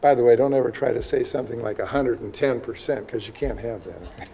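A man preaching a sermon, reading scripture slowly and often checking in with the listeners with "okay?" and "right?". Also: medium pitch, vocal fry, warm tone, slight background noise. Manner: reads scripture aloud slowly with emphasis. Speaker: pastor. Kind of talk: sermon, Bible teaching.

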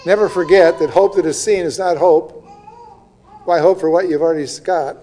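High-voiced earnest preacher. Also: male voice, steady tone, mellow. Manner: earnest, often asks the listeners "okay?" and "right?"; reads scripture aloud slowly with emphasis. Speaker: pastor. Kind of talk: sermon, Bible teaching.

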